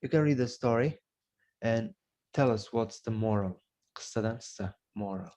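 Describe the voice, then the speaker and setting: A man's voice: on the low side, normal speed, mellow. A man with an Uzbek accent teaching an English grammar lesson, explaining step by step and repeating each example before translating it into Uzbek.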